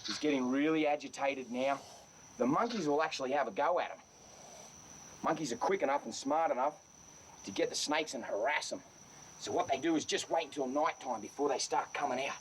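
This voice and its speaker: A man's voice: medium pitch, brisk, a little hiss or hum, poor audio. An Australian wildlife presenter, outdoors in the jungle, talking with great enthusiasm and chatting fondly to the animals he handles. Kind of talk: excited on-location wildlife commentary.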